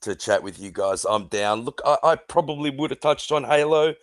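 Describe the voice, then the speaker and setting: A man's voice: medium pitch, lively intonation, moderate pace, dry recording, studio quality. A man appearing as a guest on a gaming podcast, easygoing and laughing often. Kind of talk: casual chat.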